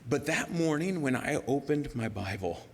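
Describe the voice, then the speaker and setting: Gravelly-voiced male pastor in an echoey sanctuary. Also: a little high, sing-song, normal speed. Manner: earnest and personal, dropping to soft near-whispers for emphasis. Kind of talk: sermon. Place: church sanctuary.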